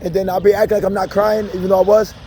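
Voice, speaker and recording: A man's voice: high-pitched, very fast. A man telling wild personal stories in a casual, profane, laughing manner, outdoors by a street. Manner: profane, laughing, animated storytelling. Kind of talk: casual storytelling. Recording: loud street traffic noise.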